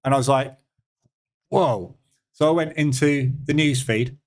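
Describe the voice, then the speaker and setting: A man's voice: mid-range voice, flat delivery, a little fast. Sarcastic British man hosting a live stream. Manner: sarcastic, chatty, reads and answers viewer comments. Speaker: trading room host. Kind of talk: casual live-stream chat.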